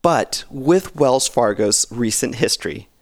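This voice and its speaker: A man's voice: mid-range voice, animated, a little slow, vocal fry, no echo, studio quality. A man in a casual podcast chat, commenting in a wry, joking way and laughing often.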